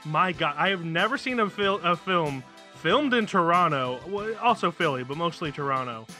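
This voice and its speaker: A man from the Philadelphia area, co-hosting a casual chat, animated and excitable, swearing freely. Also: a little high, moderate pace, soft background music. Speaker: podcast co-host.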